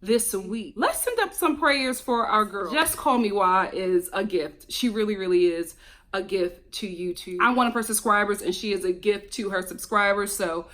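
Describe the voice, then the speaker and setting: A woman giving a casual, animated commentary review of a reality show, chatting straight to her viewers. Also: mid-range voice, normal speed. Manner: animated, chatty, exclamatory, addresses viewers as y'all.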